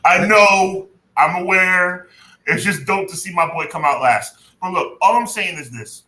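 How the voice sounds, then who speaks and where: A man co-hosting a podcast in casual chat, talking emphatically and dragging words out slowly for effect. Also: high-pitched, sharp tone. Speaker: podcast co-host. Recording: echoey room with faint noise.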